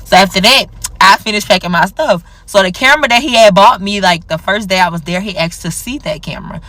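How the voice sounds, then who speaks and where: A woman's voice: fairly quick, no echo. A young woman telling a personal story casually, acting out the dialogue with big jumps in her voice. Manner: animated, acts out quoted dialogue with big pitch jumps.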